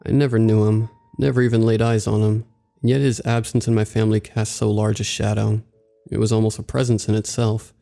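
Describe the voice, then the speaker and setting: A man narrating a scripted horror story in a slow, measured way. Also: on the low side, level tone, creaky, mellow. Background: faint background music.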